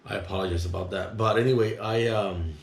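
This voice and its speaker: Middle-aged man, low register, indignant loud talker, casual monologue, echoey room. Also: steady tone, a little fast. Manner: rambling, indignant, talks loud. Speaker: vlogger. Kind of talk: casual monologue, recounting an incident. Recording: roomy echo.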